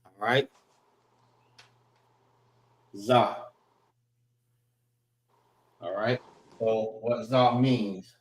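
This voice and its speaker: A man teaching a class, slowly sounding out letters one by one and repeating himself. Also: fairly low pitch, steady tone, reverberant, poor audio. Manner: slow, repetitive, spells out sounds one by one. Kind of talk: classroom language lesson. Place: library meeting room.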